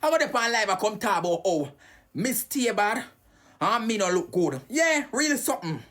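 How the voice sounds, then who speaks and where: A woman's voice: mid-range voice, very animated, moderate pace, a bit bright. A Jamaican woman ranting heatedly and cursing on a live stream.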